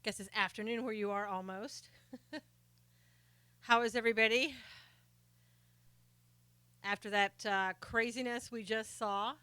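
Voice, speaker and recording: A woman's voice: fairly high pitch, fairly even intonation, slow pace, long pauses, pushed and bright, clear, resonant tone, no echo. A middle-aged woman hosting a live stream, chatting casually and sarcastically about politics while greeting viewers by name.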